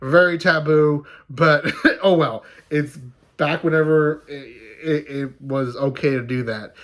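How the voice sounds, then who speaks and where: A man's voice: a little high, slow pace, a bit bright. Rambling young man recapping a manga. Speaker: manga reviewer. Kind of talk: casual video review.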